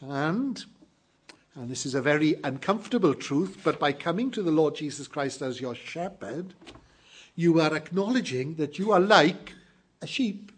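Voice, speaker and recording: A man preaching a morning sermon to his congregation, earnest and emphatic, slowing down to stress key phrases. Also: a little high, expressive, slightly rough. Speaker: pastor.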